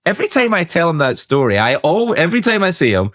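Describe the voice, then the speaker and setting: A middle-aged Scottish man hosting a podcast, telling stories in a lively, joking way. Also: on the high side, fast talker, no echo, studio quality. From Scotland. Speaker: podcast host. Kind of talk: casual chat.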